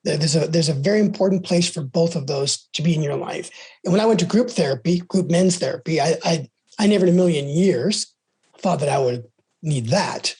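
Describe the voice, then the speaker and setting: His pitch is fairly high, his pace brisk, and his voice slightly rough. The speaker is a middle-aged American podcast guest dispensing earnest, upbeat advice, prone to repeating words, restarting phrases, and ending on soft trailing notes.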